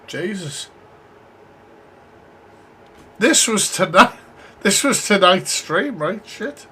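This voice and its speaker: A man's voice: high voice, expressive, slow pace, bright, forceful tone, slightly rough. A man from the UK reacting to clips on a live stream, blunt and swearing as he talks to his chat.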